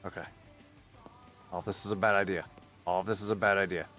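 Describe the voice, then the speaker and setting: A gaming streamer gives casual running commentary while sneaking through a survival game, muttering and swearing under his breath. His low voice is pushed and bright, a bit fast, with little pitch movement, and faint music plays behind him.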